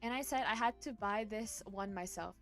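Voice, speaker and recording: A woman streamer reading online posts aloud and reacting to them, breaking into loud cursing outbursts between passages. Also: a little high, normal speed, soft background music.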